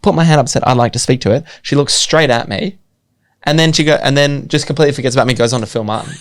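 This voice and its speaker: A young Australian man, a city councillor co-hosting a podcast, chatting casually in a quick, wry, joking way. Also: mid-range voice, clear, resonant tone, no echo, clean studio sound. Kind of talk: casual chat.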